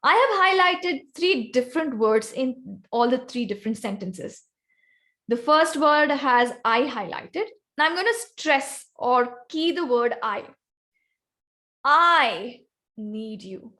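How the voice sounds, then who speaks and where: A woman's voice: high voice, animated, a little slow, fairly bright tone. A woman giving an instructive presentation on voice technique over a video call, calling on members by name. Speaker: guest speaker presenting on vocal variety. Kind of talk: online club meeting presentation.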